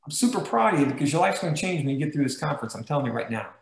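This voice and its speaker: A man's voice: fairly high pitch, very animated, very fast, gravelly, reverberant, rough recording. A man as guest host, giving an emphatic, emotional motivational talk to sales agents, telling stories from his own experience.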